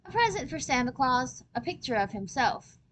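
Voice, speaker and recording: A woman's voice: high-pitched, sing-song, moderate pace, fairly bright tone, a little hiss or hum. A woman doing a stubborn little boy. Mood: insistent. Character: stubborn little boy, dreamy and sure of himself. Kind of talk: storybook read-aloud.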